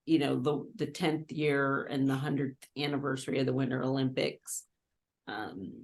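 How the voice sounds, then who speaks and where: A woman chatting as an interview guest, with halting, hesitant phrasing. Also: rumbling low, fairly even intonation, gravelly. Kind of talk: casual chat.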